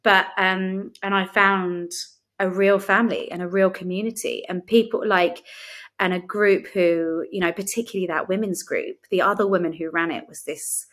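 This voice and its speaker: Frank, lively Englishwoman telling her story. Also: mid-range voice, moderate pace. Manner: frank, lively storyteller who acts out quotes. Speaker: podcast guest. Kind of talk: personal testimony in conversation.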